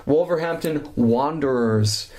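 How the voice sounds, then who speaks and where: A man's voice: measured pace, a little mellow, a little hiss or hum. A man co-hosting a casual podcast, joking around and sometimes slipping into silly voices. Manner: jokey, breaks into silly high voices and impressions. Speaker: podcast co-host. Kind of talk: casual chat.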